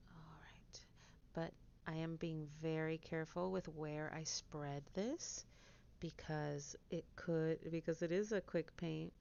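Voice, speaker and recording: A woman streaming as she paints a miniature, chatting casually with viewers and slipping into quiet whispers as she concentrates. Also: deep voice, vocal fry, clear, resonant tone, muffled recording. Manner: chatty, drifts into soft whispers while concentrating. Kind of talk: casual livestream chat while painting.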